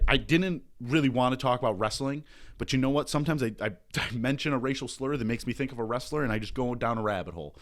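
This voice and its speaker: A young man riffs through a satirical comedy monologue as a podcast host. His delivery is sarcastic and rambling, and he swears freely and trips over his own restarts. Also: mid-range voice. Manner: sarcastic, rambling, profane, with frequent laughs and restarts.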